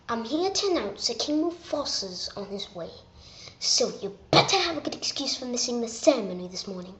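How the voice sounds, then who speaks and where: A woman's voice: fairly high pitch, fairly bright tone, reverberant, muffled recording. A woman voicing a fussy, pompous male hornbill bird in a prim manner, as a fan voice audition.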